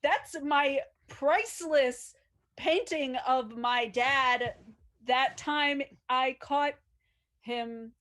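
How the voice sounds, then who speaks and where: A woman's voice: sits high, very slow, a bit bright. A woman doing an improv comedy scene on a video call, indignant and mock-lecturing. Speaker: improv performer.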